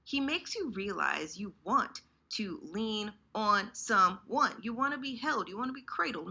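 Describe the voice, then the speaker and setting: A woman talking to her viewers in a loose, chatty way, and she keeps slipping into the inner voices she imagines they have. Her pitch leaps all over, and her tone is bright and clear. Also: unhurried, hardly any pauses. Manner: animated, acts out inner voices, lots of restarts. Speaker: host. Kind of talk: casual chat about fandom.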